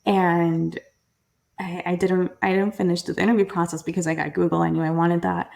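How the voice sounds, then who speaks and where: A young woman speaks as a podcast guest, her voice sitting low with a gravelly edge. She talks in an earnest, candid way, restarting sentences often. She brings relatives to life when she quotes them. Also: normal speed. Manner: earnest, frequent restarts and "like", quoting family in lively voices. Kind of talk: candid interview storytelling.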